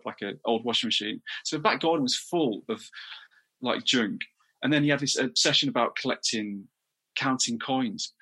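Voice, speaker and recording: Appearing as a guest in an interview, a middle-aged man from England talks openly in a bright, forceful, medium-pitched voice, frequently stopping short, starting over, and repeating himself.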